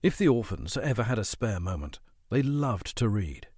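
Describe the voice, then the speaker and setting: A man narrating a children's adventure story as an audiobook, with expressive storytelling. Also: on the low side, normal speed, husky, no echo, clean studio sound.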